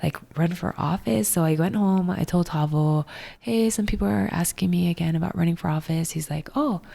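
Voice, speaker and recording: A woman in her thirties from Hawaii, telling her story as a guest, animated and full of "like". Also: brisk, gravelly. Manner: animated, acts out quoted voices with high jumps; many fillers of "like". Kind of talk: casual storytelling interview.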